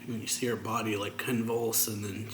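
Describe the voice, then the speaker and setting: A man's voice: lowish voice, level tone, fairly quick. A man casually recapping a manga chapter as a reviewer, in a loose telling full of fillers. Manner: loose, filler-heavy retelling. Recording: roomy echo, faint ambient noise.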